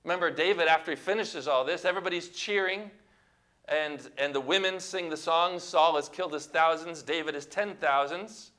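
A male preacher delivering a sermon in a high, bright, forceful voice. He preaches emphatically, pushing up to loud exclamations, and has the congregation repeat words back to him. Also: normal speed.

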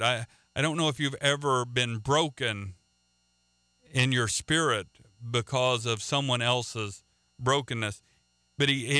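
Radio preacher guy, earnest, stumbles and repeats himself, smooth clear voice. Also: medium pitch, pushed and bright, no room sound. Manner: earnest, repeats words and restarts often. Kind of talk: radio sermon.

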